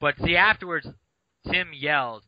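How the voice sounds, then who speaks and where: A man's voice: a little high, moderate pace, no room sound. A man co-hosting a podcast in casual chat, reading book passages aloud, on dull lo-fi audio. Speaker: podcast co-host.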